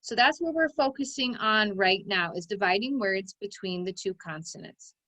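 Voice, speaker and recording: A woman's voice: medium pitch, normal speed, pushed and bright, no room sound, low-quality recording. A woman teaching a recorded phonics lesson to children, giving encouraging step-by-step instructions.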